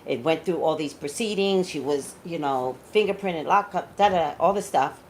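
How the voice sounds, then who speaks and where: A woman's voice: deep voice, moderate pace, slight background noise, rough recording. A woman working as a psychic tarot reader, chatting casually and emphatically to her viewers, saying "like" a lot. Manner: chatty, animated, says "like" a lot. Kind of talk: casual chat to camera.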